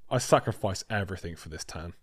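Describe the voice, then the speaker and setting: A man's voice: low voice, moderate pace, slightly rough. A young man co-hosting a podcast, telling travel stories in casual chat and swearing freely. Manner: swears a lot, animated storytelling. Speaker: podcast co-host.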